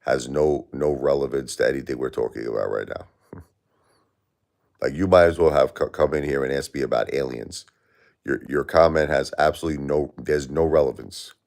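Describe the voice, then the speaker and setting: A man's voice: a bass voice, normal speed, gravelly, a little mellow. A grieving man hosting a live stream, talking in an aggrieved, plaintive, repetitive way and answering chat. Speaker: livestream host.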